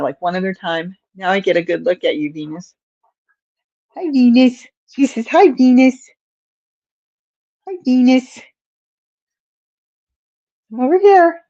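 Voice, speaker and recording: A crochet channel host runs a casual livestream, cooing baby talk at her cat between rambling asides. Her voice is lowish and a little mellow, and the recording is slightly dull.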